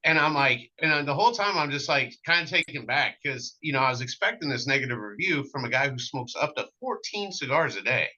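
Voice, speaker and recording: Man guest, storyteller, very bright tense voice, dull lo-fi sound, lots of ums and restarts. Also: mid-range voice, fairly quick, hardly any pauses. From American Midwest. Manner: animated anecdotes with many fillers and restarts. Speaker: cigar maker, guest. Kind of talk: casual storytelling interview.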